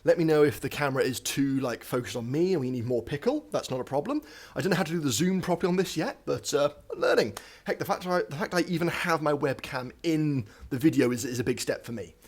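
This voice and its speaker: Brief: husky young male coder, slightly winded, chatty live-stream explainer with a lively, up-and-down delivery. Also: a little high, a little fast. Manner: thinks aloud, chatty with frequent ums and asides. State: out of breath. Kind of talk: live coding stream commentary. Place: home office at a standing desk.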